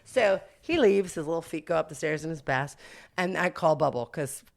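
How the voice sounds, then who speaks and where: A middle-aged boutique owner, guesting on a podcast, tells an anecdote in an animated, self-mocking way, laughing often and imitating the voices of people in her story. She speaks at normal speed with a low pitch and vocal fry.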